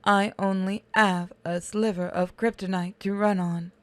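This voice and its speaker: Brief: woman playing a moody male cyborg inmate, robot voice effect, quiet flat delivery, smooth tone, dry sound. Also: medium pitch, unhurried, no echo. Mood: bitter. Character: gloomy male cyborg prisoner, bitter and self-pitying.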